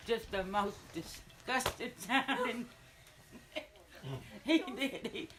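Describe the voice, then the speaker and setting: A woman's voice: on the high side, lively intonation, very slow, background noise. An older woman, telling a family story casually and breaking into laughter.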